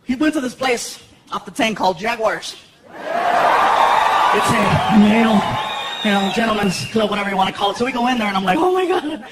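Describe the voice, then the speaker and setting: A man from Los Angeles telling stories on stage in an animated stand-up set, acting out voices. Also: sits high, a little fast, long pauses, a loud crowd, heavy background noise. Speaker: stand-up comedian. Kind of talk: stand-up comedy storytelling. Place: large comedy theater. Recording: roomy hall, loud audience laughter.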